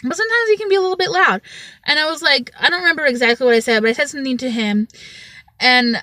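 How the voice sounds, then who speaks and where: Loud, energetic woman in her twenties. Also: high voice, fast, no room sound. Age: 20s. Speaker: vlogger. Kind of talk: storytime vlog.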